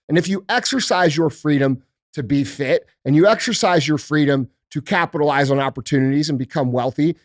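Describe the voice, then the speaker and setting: A man hosts a casual studio podcast in a blunt, emphatic way and swears freely as he talks. His voice sits a little high. The sound is close and dry. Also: no echo. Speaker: podcast host.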